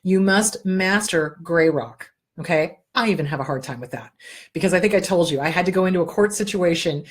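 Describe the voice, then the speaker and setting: A woman's voice: fairly low pitch, a little fast. A woman host giving straight-talking advice on a talk show. She is blunt and emphatic, swears without hesitation, and repeats words to drive her points home.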